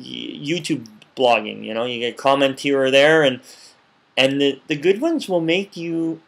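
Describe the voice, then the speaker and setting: Brief: male vlogger, slightly high voice, playful, acts out dialogue. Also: fairly bright tone. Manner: repeats words and restarts often. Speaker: English teacher vlogger. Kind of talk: casual advice vlog.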